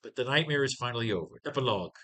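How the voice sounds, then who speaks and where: Profane, excitable comic-reading man. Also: medium pitch, very fast. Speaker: writing class teacher. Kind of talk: casual comic read-along commentary.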